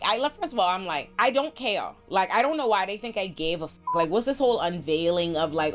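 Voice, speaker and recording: Woman doing a loud expressive show recap, voice jumps up high acting out lines, faint music under her. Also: a little fast, few pauses. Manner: expressive, acts out characters' lines. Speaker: host. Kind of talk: animated TV recap.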